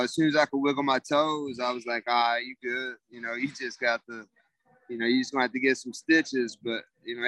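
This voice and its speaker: A man's voice: medium pitch, sharp tone, dry recording, low-quality recording. A laid-back young man telling a story in a casual interview, rambling with lots of fillers. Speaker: guest, former football player.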